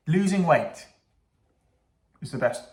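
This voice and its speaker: A man's voice: fairly high pitch, animated, takes it slowly. Sarcastic man ranting in an echoey room. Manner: sarcastic, swears, laughs at own jokes. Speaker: YouTuber reacting to news clips. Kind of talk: casual reaction commentary.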